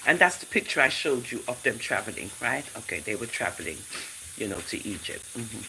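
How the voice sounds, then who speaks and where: A woman's voice: extremely low pitch, brisk, slight background noise, poor audio. A woman with a Jamaican accent hosting a casual livestream, reading scripture aloud in a preachy way and thanking viewers by name. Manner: animated, preachy, addresses chat viewers by name. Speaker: livestream host.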